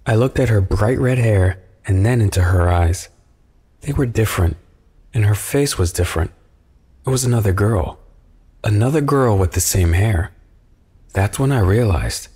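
A man calmly narrating a first-person horror story from a script. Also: lowish voice, normal speed, breathy edge.

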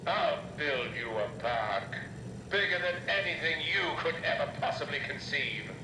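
A man's voice: on the high side, animated, unhurried, noisy background. An actor playing a pompous, boastful older man who builds parks, heard as a game audio log, a roomy, distant recording with music underneath. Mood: boastful, resentful. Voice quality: grand, boastful delivery.

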